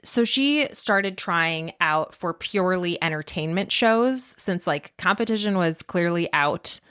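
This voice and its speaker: A woman hosts a podcast, retelling history in a relaxed, chatty way. She talks in a slightly low voice, full of fillers and emphatic asides. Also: unhurried, clear, resonant tone. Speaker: podcast host. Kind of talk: casual storytelling chat.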